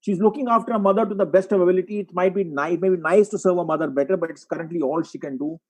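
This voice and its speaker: A man giving a webinar lecture as a psychiatrist, walking through case examples and often clearing his throat. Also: high-pitched, very fast, low-quality recording. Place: online webinar.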